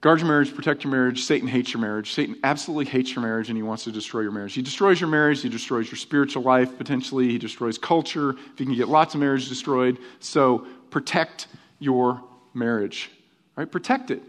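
A middle-aged male pastor delivers a lively, conversational sermon. His voice sits at an ordinary pitch, and he keeps checking in with the congregation through quick rhetorical asides. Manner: animated, conversational, rhetorical "right?" tags.

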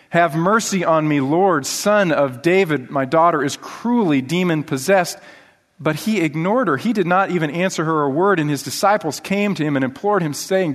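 Man preaching in a reverberant hall. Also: a little high. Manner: animated, rhetorical questions, reads scripture aloud. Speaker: pastor. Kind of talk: sermon. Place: church hall. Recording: long reverb of a church hall.

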